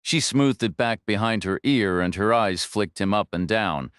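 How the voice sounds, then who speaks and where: A man narrating a thriller audiobook in a measured, even storytelling manner. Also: fairly low pitch, clear, resonant tone, dry recording, studio quality.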